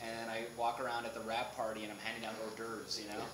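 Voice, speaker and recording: Laughing actor in an echoey noisy room. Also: male voice, lowish voice, quick pace. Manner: animated, laughs often, restarts sentences. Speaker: actor interviewed as guest. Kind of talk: casual interview chat. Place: on a film set.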